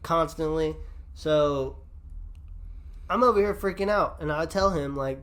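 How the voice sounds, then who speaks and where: A man's voice: a little high, normal speed, a bit bright. A man hosting a podcast who tells a wild story in casual chat, swearing freely and laughing as he talks. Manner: swears a lot, laughs while telling stories. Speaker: podcast host.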